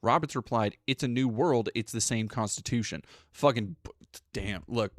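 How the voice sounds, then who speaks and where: A male streamer with a mid-range voice reads news out loud and then curses at it sarcastically, swinging back and forth between the two. He speaks close to a dry, dead mic with no room sound, tossing in loose, profane asides and stopping to thank viewers.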